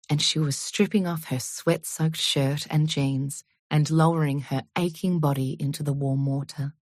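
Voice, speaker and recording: A woman reading an audiobook in a measured, unhurried storytelling manner. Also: low voice, darkish tone, no room sound, clean studio sound. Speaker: audiobook narrator. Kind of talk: scripted audiobook narration.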